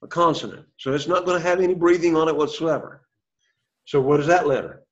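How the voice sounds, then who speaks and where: A man's voice: fairly high pitch, brisk. A man teaching a classroom lesson, explaining step by step, quizzing the class and encouraging them. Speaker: Greek teacher. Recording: dull lo-fi sound.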